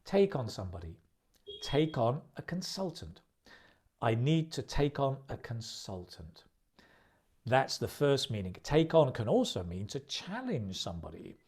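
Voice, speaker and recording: A man teaching English idioms in a recorded video lesson, speaking slowly and clearly and repeating phrases for practice. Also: medium pitch, very animated, darkish tone.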